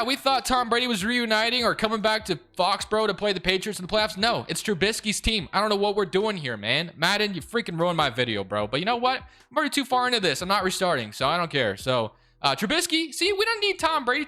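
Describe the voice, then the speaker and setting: A young man giving casual commentary over a football video game, excitable and quick to rant in frustration. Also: sits high, faint music behind. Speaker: gaming YouTuber.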